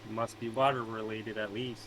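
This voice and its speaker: A man's voice: lowish voice, level tone, moderate pace, fairly bright tone, a little hiss or hum, low-quality recording. A man playing a tabletop game over voice chat, methodically counting out his moves. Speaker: player.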